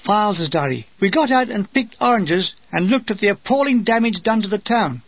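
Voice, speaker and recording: A man reading a comic wartime memoir in a wry, deadpan way, in a dull, dry, lo-fi recording. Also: high voice, normal speed, no room sound. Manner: wry, deadpan humor with acted asides. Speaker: memoir narrator.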